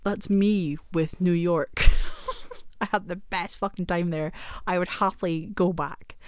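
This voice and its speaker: A woman's voice: lowish voice, fairly even intonation, slow pace, clear, resonant tone, no echo, studio quality. Rambling young British woman, self-deprecating. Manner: rambling and self-deprecating, swears often, laughs a lot. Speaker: vlogger. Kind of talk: casual rambling vlog. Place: at home in a small room.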